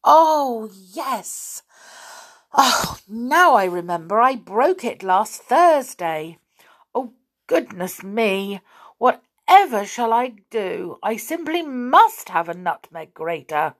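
A twittering old witch wife from a storybook, as a woman reader puts her on, fussing and fretting in a high, swooping voice. She drawls her words slowly, scattered and foolish. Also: very animated, heavily acted. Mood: flustered. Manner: dithering, twittering.

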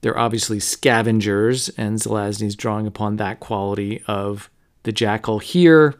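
A man hosting a podcast, talking through a novel in a low-key, conversational way with frequent fillers. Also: normal speed. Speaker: podcast host. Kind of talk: casual book discussion.

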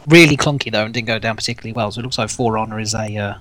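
A man's voice: lowish voice, fast talker, a bit bright. A man as a podcast guest in casual chat, hesitant and searching for words.

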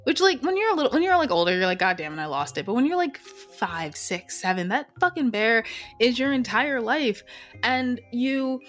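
A woman's voice: high-pitched, expressive, moderate pace, a bit bright, soft background music. A woman playing a solo tabletop role-playing game, narrating and chatting in a casual, profane, self-interrupting way.

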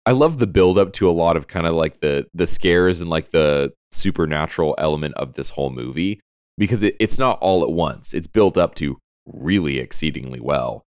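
A man's voice: very deep voice, expressive, moderate pace, clean tone, dry recording, clean studio sound. A man co-hosting a casual movie podcast, enthusiastic, laughing often and acting out quotes. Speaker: podcast co-host.

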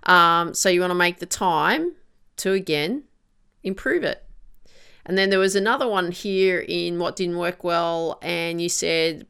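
A woman's voice: on the low side, measured pace, gravelly, a bit bright, smooth. A woman coaching golfers on their mental game, who works through one question after another and sometimes acts out an inner voice. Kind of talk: coaching monologue.

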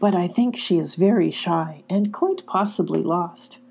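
A woman voicing a gentle, kindly young hero. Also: on the low side, unhurried, vocal fry, husky, full character voice. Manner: gentle, reassuring.

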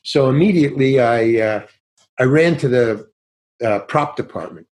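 A man's voice: mid-range voice, moderate pace, a little mellow. Older man telling rambling anecdotes. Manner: rambling anecdotes with many restarts, acting out quoted dialogue. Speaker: guest actor. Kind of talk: casual storytelling interview.

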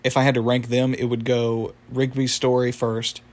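A man's voice: mid-range voice, flat delivery, moderate pace, darkish tone. A young man casually recapping a cartoon episode, rambling with fillers and laughs.

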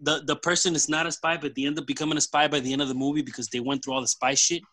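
Bright-voiced man pitching a story. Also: little pitch movement, rapid-fire, dry recording. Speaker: brainstorming a movie plot. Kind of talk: casual group brainstorm.

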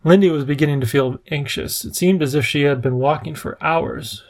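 Male audiobook narrator, gravelly texture, clear storytelling read. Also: on the high side, moderate pace.

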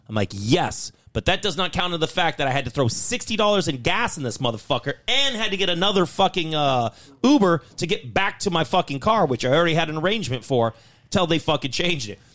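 A fired-up man tells a grievance story on a podcast, cursing constantly. His slightly high voice swings widely as he relives the argument. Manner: profane, animated, heated storytelling. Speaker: podcast host. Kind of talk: casual ranting story.

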